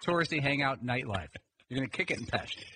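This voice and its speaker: A man co-hosting a sports radio show, telling quick anecdotes in casual studio banter. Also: medium pitch, lively intonation, bright, forceful tone, breathy edge. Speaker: radio show co-host and producer.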